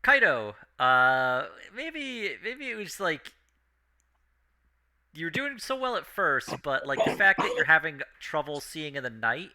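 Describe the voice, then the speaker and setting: Man, game master, very bright tone, lively pitch, tabletop narration. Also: measured pace.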